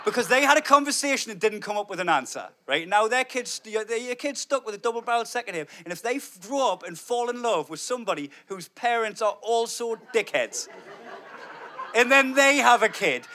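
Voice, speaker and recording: A brash man in his thirties works a live crowd from the stage, his fairly high voice bright and cutting. He swears freely and swings between low, dry asides and loud, punchy outbursts. The sound is a stage microphone. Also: lively intonation, fairly quick. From North East England. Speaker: stand-up comedian. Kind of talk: stand-up comedy. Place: theatre stage before a live audience.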